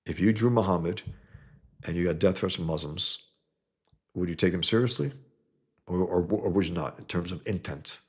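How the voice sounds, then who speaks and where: A man's voice: low voice, moderate pace, pauses often, breathy edge. A man hosting a casual livestream, talking with enthusiasm and often repeating his words. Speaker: comic creator hosting a livestream.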